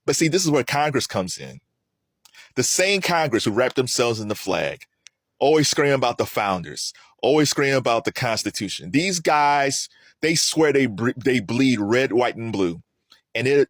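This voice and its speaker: A man's voice: medium pitch, lively intonation, moderate pace, dry recording, clean studio sound. A man giving heated solo political commentary, asking rhetorical questions and mocking his opponents.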